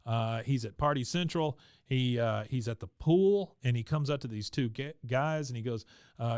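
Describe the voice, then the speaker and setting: A man's voice: medium pitch, expressive, moderate pace, a little mellow, clear, resonant tone, dry recording, clean studio sound. A man co-hosting a podcast, casually retelling a cartoon episode scene by scene, laughing often. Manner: laughs often, narrates scenes with quoted lines. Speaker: podcast co-host. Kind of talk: casual chat recapping an episode.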